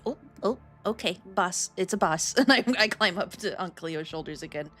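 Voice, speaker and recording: A woman's voice: on the low side, fairly quick, bright, forceful tone, soft background music. A woman playing a tabletop game, casual, giggly and playful. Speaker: player.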